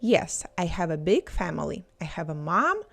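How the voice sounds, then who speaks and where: A woman with a Russian accent, a native Russian speaker, teaching a beginner language lesson with clear, deliberate pronunciation. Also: on the low side, very animated.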